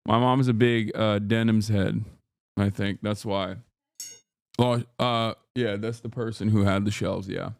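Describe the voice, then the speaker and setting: Smooth-voiced man streaming, blunt and rambling. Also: fairly low pitch, fairly even intonation, measured pace, no room sound. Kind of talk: casual reaction commentary. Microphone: streaming microphone with noise gate.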